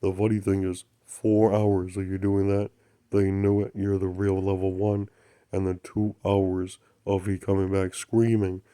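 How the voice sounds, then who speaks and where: A man's voice: low-pitched, completely flat delivery, a little slow, clear, resonant tone. A man hosting his own channel, telling a rambling spiritual story in broken grammar and repeating affirmations like a chant. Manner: drops to soft unvoiced murmurs at times. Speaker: channel host.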